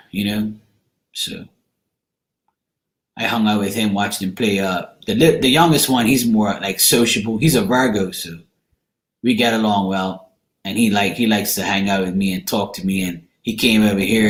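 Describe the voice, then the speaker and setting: A man chatting casually to camera, rambling and blunt, with casual swearing. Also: fairly low pitch. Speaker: tarot reader. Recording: echoey room.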